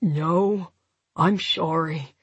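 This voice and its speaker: A man's voice: fairly high pitch, fairly even intonation, extremely slow, fairly bright tone, slightly rough, no room sound, pitched below the performer's own voice, exaggerated voice. A woman doing a slurring, injured Brooklyn man. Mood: weary. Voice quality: slurred, numbed speech. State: in pain, mouth injured.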